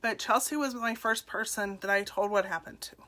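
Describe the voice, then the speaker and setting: Bright-voiced woman telling a painful story. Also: mid-range voice. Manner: emotional, halting, with soft laughs. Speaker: speaker sharing her story. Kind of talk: personal testimonial talk.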